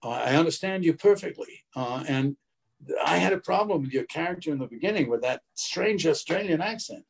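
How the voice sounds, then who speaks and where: A man voicing a blunt, middle-aged American male TV executive, frank and brash, in a voice higher than his own. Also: animated, normal speed, vocal fry, slightly rough, heavily acted.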